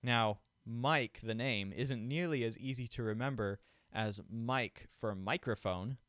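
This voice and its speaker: A man talks through a memory technique in a patient, step-by-step teaching voice. His pitch sits in the middle of the range. He is recorded close on a microphone in a dry room with no echo. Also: unhurried, fairly bright tone. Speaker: memory instructor. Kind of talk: instructional explanation. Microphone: studio microphone in front of him.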